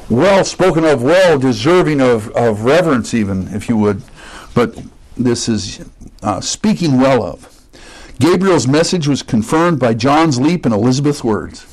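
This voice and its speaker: A man teaching a sermon verse by verse, explaining word meanings and pausing to repeat key points. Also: medium pitch, animated, darkish tone, rough recording. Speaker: pastor.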